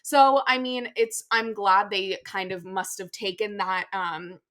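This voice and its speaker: A young woman co-hosting a casual chat show, tired and talking in an animated way with many fillers and restarts. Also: medium pitch, unhurried. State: tired after a vaccine. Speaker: podcast co-host.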